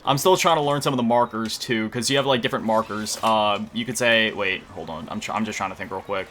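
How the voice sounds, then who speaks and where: This gaming YouTuber has a lowish, fairly bright voice and a quick pace, with slight background noise. He chats casually as he plays, rambling and self-deprecating, often trailing off to recall words.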